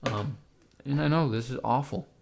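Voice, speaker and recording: A young man with a raspy, hoarse voice from being sick, rambling irreverently on a live stream with lots of fillers. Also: medium pitch, normal speed. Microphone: webcam mic.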